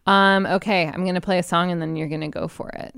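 A woman's voice: fairly low pitch, fairly even intonation, fast, creaky, a bit bright, clean tone, dry recording, clean studio sound. A woman hosting a podcast, chatting casually with wry, joking remarks. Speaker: podcast host. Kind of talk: casual chat.

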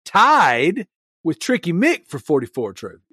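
A man's voice: on the high side, huge pitch swings, measured pace, bright, forceful tone, husky, no room sound, clean studio sound. A man co-hosting a podcast, teasing a friend in loose, joking banter. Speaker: podcast co-host.

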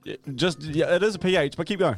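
A man's voice: on the high side, fast, faint music behind. A man co-hosting a podcast, chatting in a playful, teasing way. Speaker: podcast co-host. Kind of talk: casual chat.

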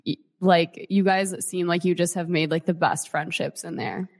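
A young woman co-hosting an interview, speaking quickly and gushing over her guests. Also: fairly low pitch, fairly even intonation. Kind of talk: casual interview chat.

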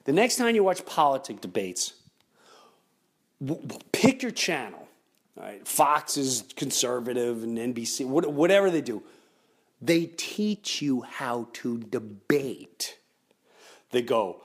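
A man's voice: medium pitch, very animated, a little slow, breathy edge. A middle-aged man hosting a podcast, ranting comedically and mimicking other people in raised voices. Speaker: podcast host. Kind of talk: animated comedic rant.

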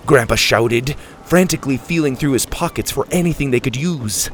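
A man narrating a children's adventure storybook in a calm, expressive way. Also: mid-range voice, normal speed, hardly any pauses, a little hiss or hum. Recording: faint music behind.

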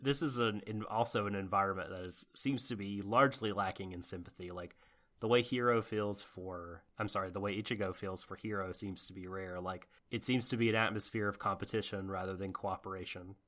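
A low-voiced man in casual podcast chat, mulling over an anime episode. He rambles thoughtfully with lots of fillers. His sentences often trail off into quieter asides. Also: steady tone, brisk. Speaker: podcast co-host.

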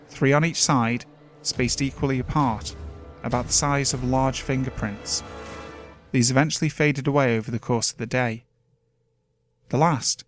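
Man narrating horror stories over faint music. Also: mid-range voice.

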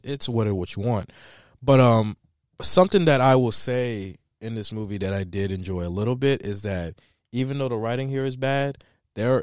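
Animated, profane man in casual film chat. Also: fairly low pitch, dry recording, clean studio sound. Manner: animated, laughing, profane, trailing restarts. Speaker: podcast host reviewing a film.

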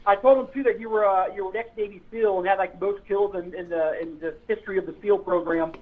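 A man calls in over a tinny phone line and tells old police stories in a rambling, halting way. His voice sits fairly high. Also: fairly even intonation. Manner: rambling storyteller, halting, many fillers. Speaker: guest, retired police officer. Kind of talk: casual chat.

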